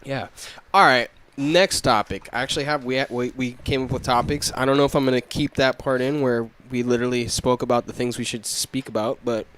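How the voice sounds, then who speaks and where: A man's voice: medium pitch, steady tone, fairly quick, hardly any pauses, a bit bright, clean tone. A young man hosting a casual podcast chat, loose and laughing, swearing freely. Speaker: podcast host.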